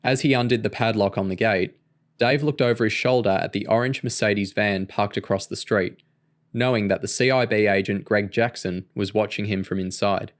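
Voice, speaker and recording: A man reading a novel aloud in an even, steady narration. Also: on the low side, moderate pace. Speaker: audiobook reader.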